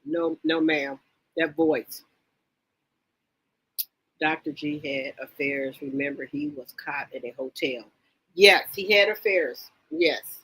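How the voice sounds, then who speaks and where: A woman hosting a casual livestream, reading viewer comments aloud and gossiping about reality TV in an animated, repetitive, exclamatory way. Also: deep voice, takes it slowly, long pauses, slightly rough, low-quality recording. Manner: animated, exclaims and repeats herself, reads chat comments aloud.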